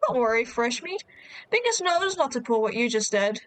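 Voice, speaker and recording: A woman voicing an arrogant male high-school bully, reading his taunting lines from a dating game. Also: very animated, moderate pace, fairly bright tone, no echo. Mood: smug. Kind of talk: reading a game's lines aloud.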